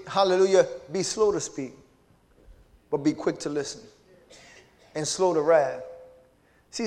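A man's voice: sits high, big-room sound. A man preaching a sermon, sprinkling his points with hallelujahs and amens and calling out to the congregation. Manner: call-and-response preaching with frequent hallelujahs and amens. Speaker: pastor. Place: church sanctuary.

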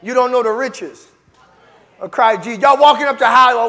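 A man preaches a sermon in a church, circling back on his lines and rising to shouts. His voice sits very high and sounds bright and forceful. Long reverb from the large hall trails behind him. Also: fairly quick. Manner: preaching with call-outs and shouted peaks, repetitive and rhythmic.

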